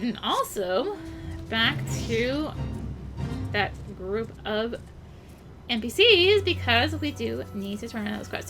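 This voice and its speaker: A woman hosting a let's play, chatting casually and explaining game mechanics as she plays. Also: a little high. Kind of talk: casual gameplay commentary. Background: game music.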